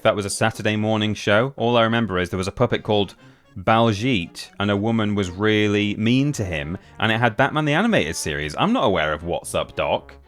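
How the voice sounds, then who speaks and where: A young man talks in a low voice, chatty and rambling, often breaking off and restarting his sentences. He is a streamer chatting with viewers while he plays. Gentle game music sits quietly underneath. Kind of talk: casual live-stream chat while gaming.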